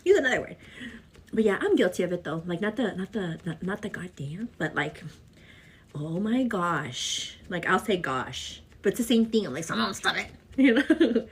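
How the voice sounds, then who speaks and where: A chatty young woman vlogging casually while doing her makeup, laughing often and quoting herself in a higher voice. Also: big pitch swings, moderate pace, breathy edge.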